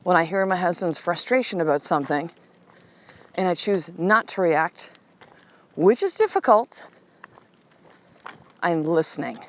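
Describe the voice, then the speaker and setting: A middle-aged woman, a podcast host and coach, telling a personal story in a candid, animated way that turns soft and slow for calm affirmations. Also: on the low side, rough recording.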